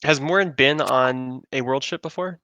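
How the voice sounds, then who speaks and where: A man's voice: mid-range voice, normal speed, bright, forceful tone, highs cut off. A man playing a tabletop game, asking questions and planning his move in a hesitant way. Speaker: player. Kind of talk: casual tabletop game chat.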